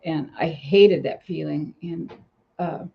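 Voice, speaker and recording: A woman's voice: deep voice, fairly even intonation, slow, gravelly. A woman vlogger telling a personal story in a rambling, casual way, breaking off now and then to talk to her cats at home. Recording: dull lo-fi home recording.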